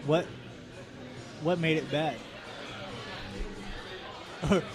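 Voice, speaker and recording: A man co-hosting a casual podcast, relaxed and asking questions, swearing now and then, recorded in the corner of a bar. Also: on the high side, drawn-out words, music in the background. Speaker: podcast co-host. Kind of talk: casual chat. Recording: busy bar crowd behind. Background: bar crowd chatter.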